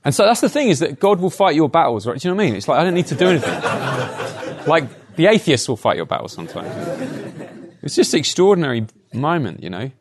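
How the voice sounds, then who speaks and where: A man's voice: a little high, big pitch swings, fast, slight background noise. A man giving a conversational sermon, telling personal stories and often adding tag questions like "right?". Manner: chatty, anecdotal, frequent tag questions. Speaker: preacher.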